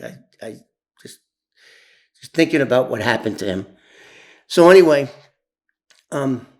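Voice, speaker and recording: A man telling an old story in casual, profane, rambling talk full of restarts and asides. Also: medium pitch. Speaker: former informant telling his story.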